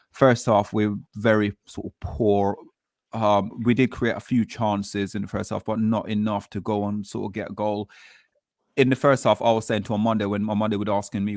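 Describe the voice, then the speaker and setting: Guy hosting a footy fan show, animated storyteller, dry close sound. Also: on the low side, no room sound. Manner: animated storytelling, acts out quotes. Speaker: podcast host. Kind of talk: casual fan chat show.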